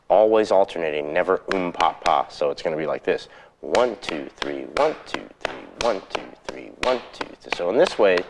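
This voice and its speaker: Male guitar teacher, very low voice, easygoing, counts rhythms out loud for a lesson tape. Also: noisy background. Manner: relaxed, counts rhythms aloud. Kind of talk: instructional video lesson. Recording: 1990s instructional videotape.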